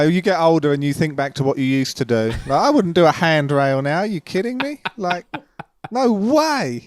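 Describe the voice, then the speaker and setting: A man in his forties, a guest musician talking frankly and with animated humor in a casual interview from home. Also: fairly high pitch, smooth, no echo, clean studio sound. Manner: frank, animated, quick to joke. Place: home, remote call.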